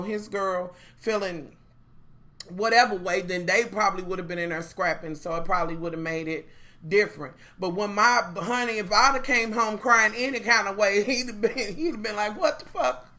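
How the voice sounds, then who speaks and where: A woman reviewing a TV show in a casual chat, blunt and profane, talking straight to her viewers. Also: mid-range voice. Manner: animated, opinionated.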